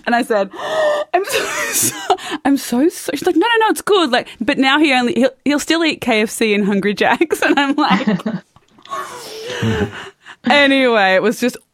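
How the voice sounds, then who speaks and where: A woman's voice: fast talker, few pauses, dry recording. A woman with an Australian accent, probably in her thirties, hosting a casual podcast interview and telling stories with lots of expression. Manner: lively, expressive storyteller with big pitch swings. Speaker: podcast host.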